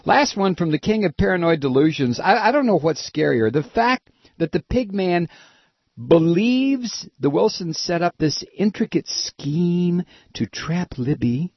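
A man's voice: high voice, sing-song, unhurried, breathy edge, dry recording. A man hosting a political commentary show, ranting with sarcastic exasperation. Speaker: radio commentary host. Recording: dull, dry lo-fi sound.

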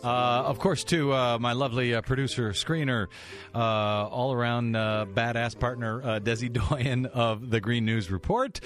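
A man hosting a radio talk show, casual and halting with many fillers, speaking at a studio microphone. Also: mid-range voice, a bit bright.

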